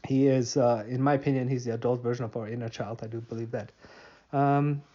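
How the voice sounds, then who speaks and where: A man's voice: mid-range voice, fairly even intonation, a little fast, mellow, lo-fi sound. Rambling self-mocking male podcast host. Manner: rambling, self-mocking, frequent fillers and restarts; laughs often at himself. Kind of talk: solo podcast monologue.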